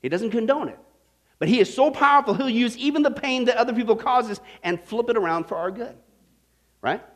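A man preaching a sermon as pastor, animated and interactive, often asking the audience questions. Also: very high voice, fairly quick.

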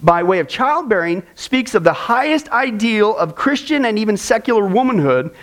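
A man teaching a church discipleship class in a conversational way, with frequent fillers and repeated words and lively personal stories. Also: sits high, normal speed. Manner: tells lively personal stories, acting out voices.

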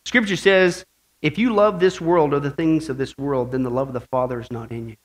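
A male pastor preaching an animated sermon that swings from quiet asides to shouted praise. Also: on the high side, fairly quick, rough recording.

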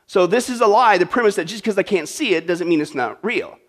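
Delivering a sermon in a notably high, slightly bright voice, a male pastor preaches in a chatty, joking way. He's animated and brisk, constantly checking in with the congregation by tossing "right?" and "okay?" between points.

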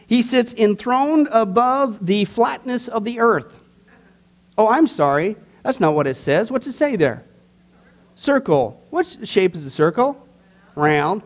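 Man teaching a lively Bible class. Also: high voice. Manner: emphatic, joking, asks the class questions. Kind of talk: informal Bible study teaching. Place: class room with a group.

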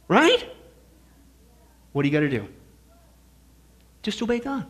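Male preacher, folksy joking sermon delivery, high pitched and bright. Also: sing-song, a little fast, long pauses. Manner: folksy and joking, with shifting emphasis. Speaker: pastor. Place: church.

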